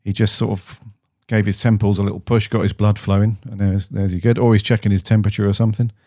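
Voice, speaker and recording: Low, mellow co-host. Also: male voice, flat delivery, fast talker, dry recording, clean studio sound. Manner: laid-back banter, casual swearing. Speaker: podcast co-host. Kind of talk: casual chat.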